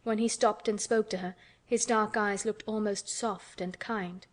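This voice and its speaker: In a mid-range voice, a woman calmly narrates an audiobook. Her scripted reading is steady and measured.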